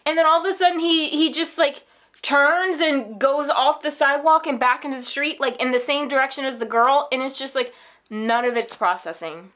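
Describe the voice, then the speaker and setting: A woman vlogging at home, shaken and upset, telling a story in a rushed, animated way and acting out the people in it. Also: high-pitched. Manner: animated, rushed retelling with quoted voices. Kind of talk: casual storytelling vlog. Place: at home indoors.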